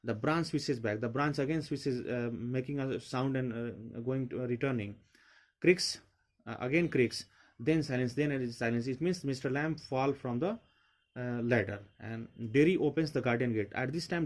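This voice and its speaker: A man's voice: medium pitch, moderate pace. A male teacher with an Indian accent explaining a play line by line, restating each line in simpler words. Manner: explains each line, mixes in Hindi asides. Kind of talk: line-by-line literature lesson.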